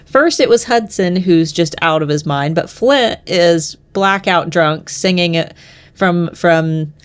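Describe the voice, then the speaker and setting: A woman's voice: lowish voice, slow, smooth. Chatty young woman podcast co-host. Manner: chatty, laughs often, trails off mid-sentence. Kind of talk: casual book discussion chat.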